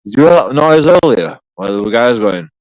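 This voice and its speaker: Bloke ranting to camera, swears a lot, dry close sound. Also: male voice, fairly low pitch, expressive, brisk, darkish tone, no echo, rough recording. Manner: profane, rambling, sarcastic, repeats himself. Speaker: YouTube auditor. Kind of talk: rambling solo vlog monologue.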